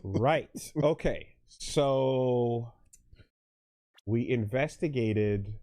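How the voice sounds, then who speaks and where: A man's voice: medium pitch, very slow, no echo. A man hosting a casual let's play, rambling and restarting his sentences as he chats about the game. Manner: rambling, self-interrupting, bursts into loud laughter. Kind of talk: casual gaming commentary.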